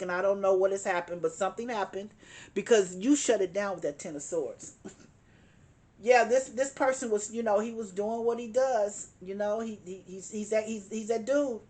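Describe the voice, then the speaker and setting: A woman's voice: mid-range voice, moderate pace. A woman giving a tarot card reading, speaking emphatically, repeating her points and chuckling now and then. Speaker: tarot reader.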